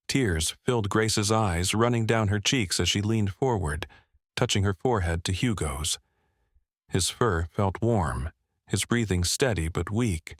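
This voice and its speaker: A man narrating a scripted story in a measured, even way. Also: lowish voice, no room sound. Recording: dry close-miked voice-over.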